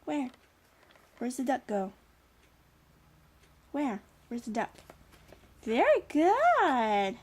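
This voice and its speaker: A woman's voice: fairly high pitch, slow, pauses often, mellow, husky. A woman speaking to a small child as a parent, coaxing and praising in a sing-song way while going through a picture book.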